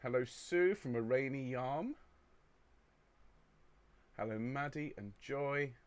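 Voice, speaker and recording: Man, from England, choir leader, casual live-stream chat, upbeat, reads viewer comments, mid pitch, dry close mic. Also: animated, slow, no echo. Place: indoor room overlooking a square.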